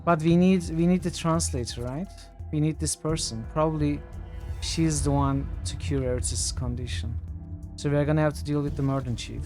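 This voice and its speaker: A man streaming a role-playing game, reading the game's narration aloud and thinking out loud between choices. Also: moderate pace, faint music behind. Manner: thinks aloud, reads narration in a lower, quieter voice. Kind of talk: reading game text aloud and commenting casually.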